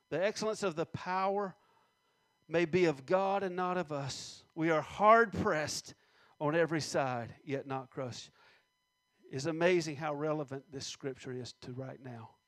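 A man preaching a sermon, reading scripture slowly and stressing words, with many questions to the congregation. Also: on the high side, no echo.

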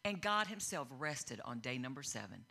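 A woman's voice: very deep voice, very animated, moderate pace, gravelly, sharp tone. A middle-aged woman giving a sermon built on her own story, telling it conversationally and acting out the voices she quotes. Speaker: speaker at a church gathering. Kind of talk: personal testimony sermon.

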